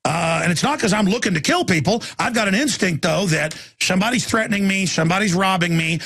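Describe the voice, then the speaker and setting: Gravelly, raspy man ranting on radio. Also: high voice, animated, quick pace, sharp tone, no room sound, studio quality. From Texas. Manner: heated, rambling, repeats words as he restarts. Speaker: radio talk show host. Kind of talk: ranting talk radio monologue.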